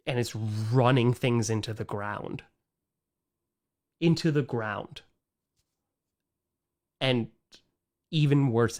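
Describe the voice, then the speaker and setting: This young man, speaking at a medium pitch, is ranting during a live stream. He sounds animated and fed up, his sentences trailing away and circling back to the same points.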